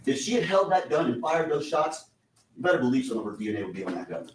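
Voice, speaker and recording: Fast-talking man arguing to a courtroom. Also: mid-range voice, sing-song, slight background noise. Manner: urgent, insistent, repetitive. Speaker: defense attorney. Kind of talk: courtroom closing argument. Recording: echoey courtroom audio from a distance.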